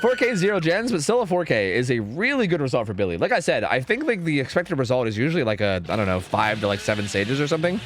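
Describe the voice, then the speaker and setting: A man streaming and casually commentating a competitive match, chatty and profane, thinking out loud. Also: medium pitch, sing-song, fast, hardly any pauses, noisy background.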